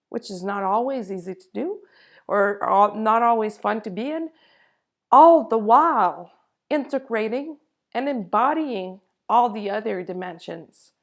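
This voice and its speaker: A woman giving an earnest spiritual talk to camera, in unhurried, drawn-out phrases. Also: fairly high pitch. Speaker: spiritual channel host. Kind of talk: slow spiritual monologue to camera.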